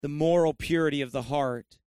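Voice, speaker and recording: A man's voice: a little high, a little fast, darkish tone, smooth, no echo. A man preaching a fervent sermon, building to emphatic peaks and then praying.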